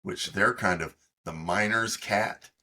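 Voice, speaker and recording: A middle-aged man co-hosting a podcast, telling a long, halting story in casual chat with many fillers. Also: fairly low pitch, sharp tone, slight background noise. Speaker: podcast co-host.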